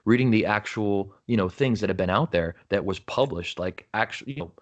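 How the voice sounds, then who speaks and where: On a podcast, a male guest with a voice on the low side speaks a little fast. His storytelling is frank, earnest and conversational, with restarts and frequent "you know" and "right?"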